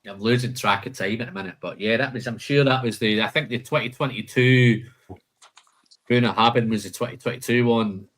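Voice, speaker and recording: A man's voice: medium pitch, steady tone, fairly quick, fairly bright tone. A man hosting a live whisky tasting, listing flavour notes and chatting casually, calling people "man" and "mate".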